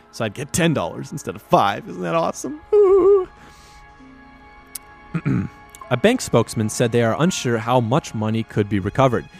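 A man hosting a comedy show, reading odd news stories and adding sarcastic, rambling and crude asides. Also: medium pitch. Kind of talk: comic news commentary.

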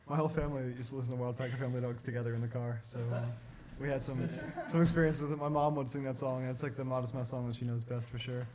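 A man's voice: medium pitch, steady tone, a little fast, darkish tone, slight background noise. A man co-hosting a podcast, talking about a band's songs in a thoughtful, rambling way with many fillers. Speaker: podcast co-host. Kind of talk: casual music discussion.

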